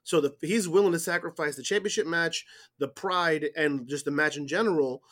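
Fairly high-voiced man retelling a match. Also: moderate pace. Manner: animated blow-by-blow storytelling. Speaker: wrestling podcast co-host. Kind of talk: casual chat recapping a wrestling match.

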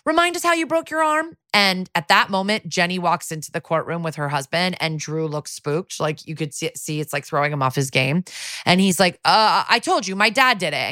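Animated woman recapping, dry close sound. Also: lowish voice, no room sound. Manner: animated, swearing, acts out quotes. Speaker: podcast co-host. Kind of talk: casual recap of a TV episode.

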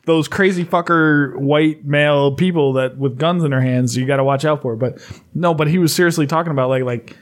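A man's voice: on the high side, fairly even intonation, fairly quick. A man co-hosting a podcast, chatting casually with profane, joking banter. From United States. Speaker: podcast co-host. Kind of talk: casual chat. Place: lives in Las Vegas.

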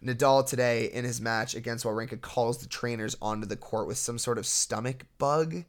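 A man's voice: mid-range voice, moderate pace. Casual male tennis podcast co-host. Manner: relaxed, analytical, with frequent restarts. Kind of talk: casual sports podcast chat.

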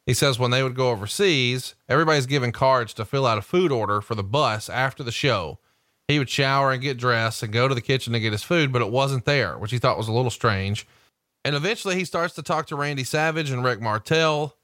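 Bright-voiced male podcast host, storytelling. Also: mid-range voice, a little fast, no room sound, clean studio sound. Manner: profane, storytelling. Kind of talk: casual chat, reading book excerpts.

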